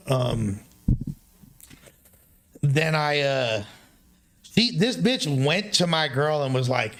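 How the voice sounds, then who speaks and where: A man's voice: fairly high pitch, lively intonation, slow pace, pauses often, a bit bright. A young man hosting a livestream, telling a story in a rambling, profane way full of loose slang. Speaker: streamer.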